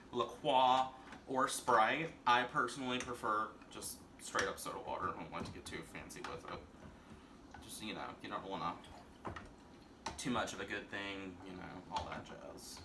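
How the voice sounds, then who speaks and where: A man with a Southern US accent and a husky voice, rambling sassily and a little tipsy in a casual vlog from his bedroom. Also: mid-range voice, fairly even intonation, moderate pace, background noise. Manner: sassy, rambling, profane, frequent laughs. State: slightly tipsy. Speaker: vlogger hosting a drinking game.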